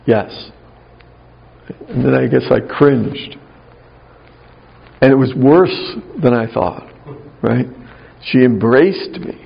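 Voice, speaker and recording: Gravelly, husky man giving a spiritual talk. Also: medium pitch, slow pace, long pauses. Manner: conversational, anecdotal, wry. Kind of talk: spiritual talk with personal storytelling. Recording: dull lo-fi recording.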